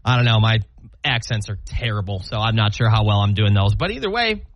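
A young man co-hosting a morning radio show in casual, playful banter, quick with asides and laughs. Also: on the low side, expressive, dry recording, dull audio. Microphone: studio microphone.

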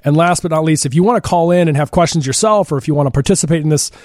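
Fast-talking joking male radio host. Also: on the high side, darkish tone, dry recording, clean studio sound. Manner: fast, joking, loose with fillers. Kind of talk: casual radio talk. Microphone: studio microphone.

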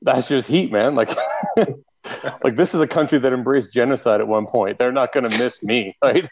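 A man's voice: mid-range voice, normal speed, highs cut off. A man on a podcast telling a funny story in casual chat, laughing as he goes. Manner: laughs through his own stories. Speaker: podcast co-host.

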